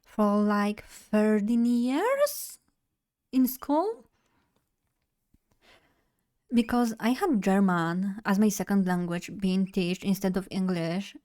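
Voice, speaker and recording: In relaxed stream chatter, this young woman, whose first language is Polish, meanders, jokes at her own expense and laughs readily. She speaks in a mid-range, darkish voice with lively intonation.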